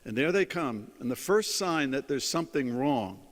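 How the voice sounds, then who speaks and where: A man's voice: mid-range voice, expressive, moderate pace, big-room sound. A middle-aged man giving a keynote, telling anecdotes with many ums and uhs. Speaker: keynote speaker. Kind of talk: after-dinner keynote with anecdotes. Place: conference hall.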